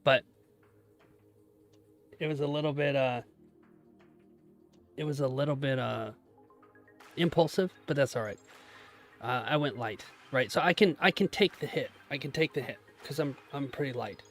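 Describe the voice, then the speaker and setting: A man's voice: medium pitch, normal speed, pauses often, soft background music. A young man chatting casually on a live stream, joking about himself and cheering his trades on. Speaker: livestreaming day trader.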